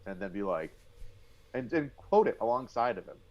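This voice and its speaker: A man from Western New York, a podcast guest telling military stories in an animated way. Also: on the low side, moderate pace. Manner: animated storyteller, bursts into impressions. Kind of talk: casual podcast storytelling. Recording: dull lo-fi audio.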